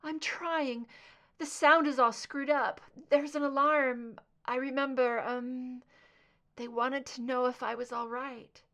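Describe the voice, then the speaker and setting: A woman's voice: high voice, slow, hardly any pauses, pitched above the performer's own voice. A woman voicing a frightened hypnotized agent. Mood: fearful. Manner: slurred, hesitant, shaky.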